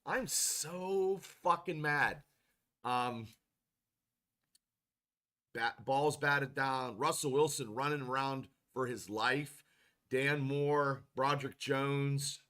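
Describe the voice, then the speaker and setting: Bright-voiced guy on a fan podcast, slow and rambling, kinda fed up. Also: mid-range voice, steady tone. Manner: frustrated, rambling, many restarts. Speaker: podcast host. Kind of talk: casual live-stream football chat.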